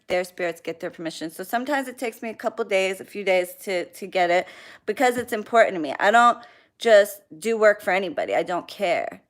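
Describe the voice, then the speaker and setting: Young woman, mid-pitched voice, casual livestream host, blunt and profane, chatty rants. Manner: blunt, venting, reads out viewer names and swears freely. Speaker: spiritual practitioner hosting a livestream.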